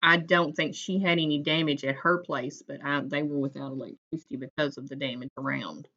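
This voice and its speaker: Lady rambling on her livestream, kinda low but bright voice, folksy and chatty. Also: steady tone, brisk, lo-fi sound. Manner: chatty, folksy, greets viewers by name. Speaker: livestream host. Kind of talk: casual chat with live viewers.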